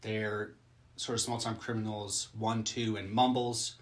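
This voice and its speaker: A man's voice: fairly low pitch, flat delivery, a little slow. A man recapping a movie he just watched and reacting to it in casual chat, loose and rambling, with plenty of swearing.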